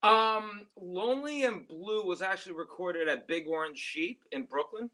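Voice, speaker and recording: A man's voice: sits high, normal speed, bright, forceful tone. A man who is a guest musician, chatting in an easygoing, friendly way. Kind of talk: casual interview chat.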